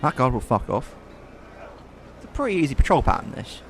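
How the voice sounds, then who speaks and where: A man's voice: mid-range voice, sing-song, fairly quick, a little hiss or hum. A man from Wales with a Welsh accent, giving casual, profane let's play commentary as he plays. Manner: profane, ranting. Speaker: gamer.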